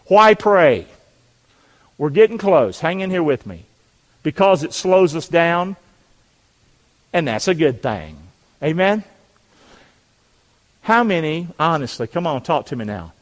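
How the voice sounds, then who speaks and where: Preacher, high voice, call-and-response sermon with shouted peaks, long church reverb. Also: male voice, big pitch swings, a little slow, long pauses. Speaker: pastor.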